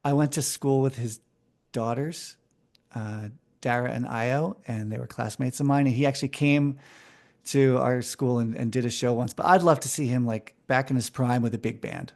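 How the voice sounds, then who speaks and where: A man speaking as a guest on an interview podcast, talking with animated enthusiasm and frequent restarts. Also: mid-range voice, normal speed. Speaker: interview guest, brand strategist. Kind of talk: casual conversational interview.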